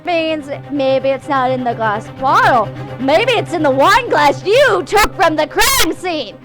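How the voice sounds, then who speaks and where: A blunt young male defense lawyer, played by a woman. His accusing lines swing high and lively. Game music plays underneath. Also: measured pace. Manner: blunt, accusing, rough-edged.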